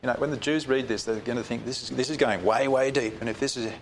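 A man teaching a Bible study, reading scripture slowly and with emphasis, then explaining it in a loose, conversational way. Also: mid-range voice, fairly even intonation, a little hiss or hum.

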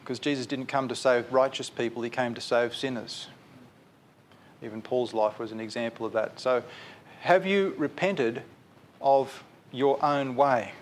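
A man's voice: medium pitch, a little slow, slight background noise. Earnest male preacher. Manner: earnest, repetitive, direct questions to listeners. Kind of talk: sermon.

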